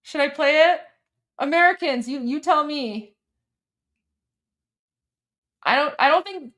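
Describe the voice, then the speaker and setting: A woman hosting a casual livestream with a high, light voice. She gushes and repeats herself excitedly. She keeps calling her viewers "guys". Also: takes it slowly. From Iran. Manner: gushing and excitable, many repeated phrases. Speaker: livestream host.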